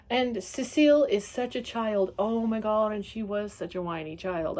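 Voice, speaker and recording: A woman reviewing a book in a loose, ranting way. She talks at a middling pitch, swears freely and keeps laughing between her points. It sounds like an easygoing vlog. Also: animated, moderate pace, a little mellow. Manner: sweary, chatty, laughing often.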